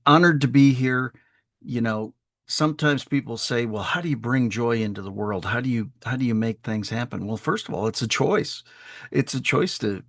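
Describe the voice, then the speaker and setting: A man's voice: medium pitch, creaky, no echo, studio quality. A middle-aged man from Wisconsin, a sales trainer and speaker, telling upbeat stories as a guest on an online talk show. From Wisconsin, USA. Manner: upbeat, animated storytelling with acted quotes.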